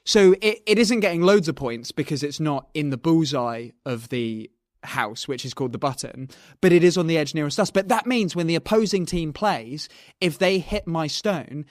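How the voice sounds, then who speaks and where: A man's voice: a little high, lively intonation, moderate pace, no room sound, clean studio sound. A man co-hosting a comedy podcast, chatting in a jokey, casual way. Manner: jokey, slips into silly put-on voices. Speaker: podcast co-host.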